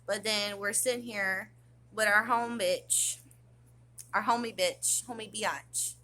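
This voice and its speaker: Slow, bright-voiced woman vlogger. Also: mid-range voice. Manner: rambling, slangy, excitable. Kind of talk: casual chat to camera.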